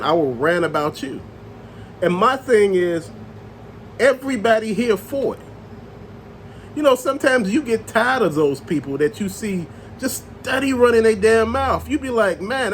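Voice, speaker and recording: Animated high-pitched man ranting. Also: slight background noise. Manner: loose, animated rant with slang and cussing. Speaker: channel host. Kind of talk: ranting to camera.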